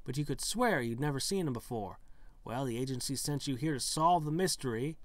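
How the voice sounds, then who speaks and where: A man reads a text adventure aloud at an ordinary middle pitch, stopping now and then for dry, joking remarks of his own. The sound is close and dead, with no room echo. It plays as a relaxed gaming video narration. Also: a little fast. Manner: wry, joking asides between narrated passages. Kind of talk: reading a text game aloud with casual commentary.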